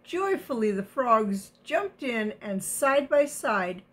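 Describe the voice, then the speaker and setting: A woman reading a picture book aloud to children, gently stopping to explain words and ask questions. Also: on the high side, sing-song, slow. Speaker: storybook reader.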